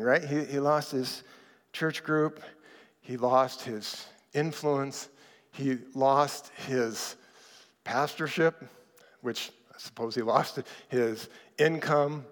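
A man preaching a sermon in a conversational, animated way, acting out the people in his stories. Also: mid-range voice. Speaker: pastor. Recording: reverberant hall.

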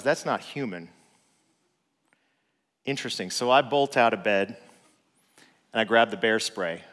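A father recounts a story in a loose, chatty manner, full of filler words. His voice sits at an ordinary middle pitch. The recording carries a long, trailing reverb. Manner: relaxed, conversational, frequent "like" fillers. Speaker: father telling a personal story. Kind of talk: casual storytelling.

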